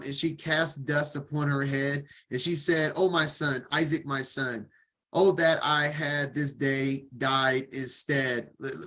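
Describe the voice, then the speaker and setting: A man with a fairly high-pitched voice works through an old scripture passage line by line. He reads each part aloud, then breaks off into casual, conversational remarks before going back to the text. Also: bright, forceful tone. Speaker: scripture teacher. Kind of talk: line-by-line scripture reading with commentary.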